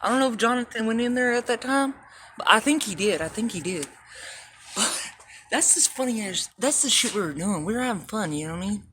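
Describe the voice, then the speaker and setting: A woman's voice: on the high side, expressive, a little fast, noisy background. A woman vlogger rambling through casual, profane stories, laughing often. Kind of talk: casual storytelling.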